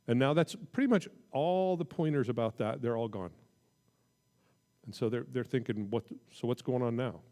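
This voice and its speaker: A man teaching a casual midweek Bible lesson, talking conversationally and reading scripture aloud with lively emphasis. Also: medium pitch.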